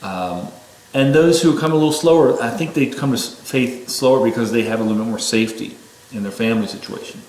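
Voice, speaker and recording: A man giving an informal sermon-style talk, rising sharply in pitch when he exhorts his listeners. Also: brisk, darkish tone, reverberant, rough recording.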